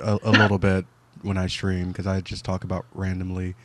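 A man on a casual podcast with a fairly low voice who tosses in wry comments. The mic is close and dry. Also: level tone, brisk, a bit bright, no echo.

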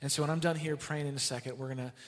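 A man pastor speaking gently and earnestly as he leads into worship and prayer. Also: a little high, steady tone, rapid-fire, long reverb tail. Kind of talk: sermon.

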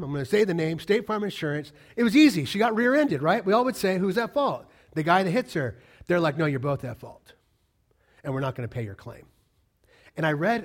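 Animated preacher man with a high voice. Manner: animated, rhetorical questions, swings between loud emphasis and quiet low asides. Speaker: pastor. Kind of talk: sermon.

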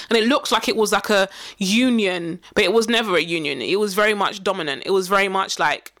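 A woman's voice: mid-range voice, rapid-fire, few pauses, fairly bright tone. A woman chatting casually, circling her points with plenty of "like" and "you know". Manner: rambling, heavy use of fillers. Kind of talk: casual chat.

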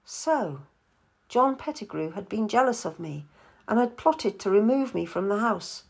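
Lady reading a historical story aloud, calm and measured, pitch moving around a lot. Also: gravelly, slightly rough. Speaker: narrator. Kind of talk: audiobook narration.

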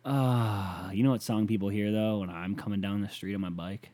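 A man's voice: fairly low pitch, steady tone, normal speed, few pauses. Crude rambling man on a comic rant. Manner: crude, rambling, swears often, loud bursts. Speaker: comedian.

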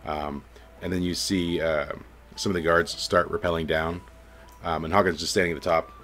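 A man narrating as game master of a tabletop game, relaxed and full of fillers. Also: deep voice, moderate pace, soft background music.

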